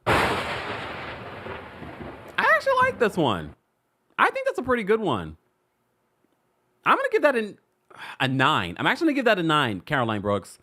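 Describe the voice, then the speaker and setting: A man's voice: high-pitched, huge pitch swings, normal speed, long pauses, sharp tone. A man hosting a celebrity gossip show, chatting casually with his live audience in a playful, teasing way, laughing often. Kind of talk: casual commentary to a live chat.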